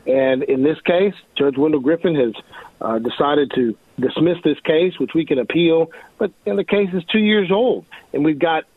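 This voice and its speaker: A man's voice: fairly high pitch, moderate pace, husky, dry recording. A man speaking as a lawyer guest in a radio interview, talking indignantly and emphatically, often repeating himself. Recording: tinny phone line.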